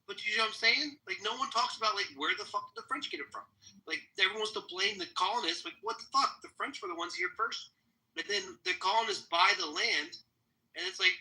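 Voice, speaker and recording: Profane, animated male podcast host. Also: sits high, fairly quick, poor audio. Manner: profane, emphatic, rambling. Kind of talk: casual political chat.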